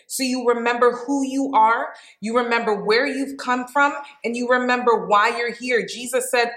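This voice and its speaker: A woman, a mother, giving a devotional podcast teaching, earnest and emphatic, repeating key phrases and pausing with fillers between thoughts. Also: on the high side, a bit bright. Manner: pauses and restarts with fillers.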